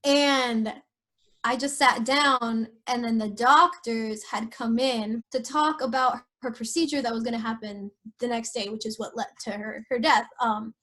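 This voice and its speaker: A young woman on a podcast, telling a painful personal story in an emotional, halting way with many fillers. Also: a little high, steady tone, a bit bright. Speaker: podcast host.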